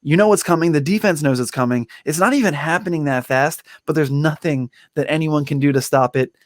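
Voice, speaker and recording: A man's voice: on the high side, fairly quick, no room sound. Enthusiastic man talking basketball, dry sound. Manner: enthusiastic, rambling with fillers. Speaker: sports podcast host. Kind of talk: casual sports chat.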